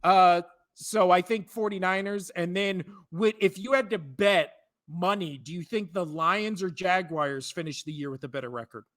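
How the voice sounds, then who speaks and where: A young man co-hosting a podcast in casual chat, talking fast, swearing freely and laughing often. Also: high voice, fairly bright tone. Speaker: podcast co-host.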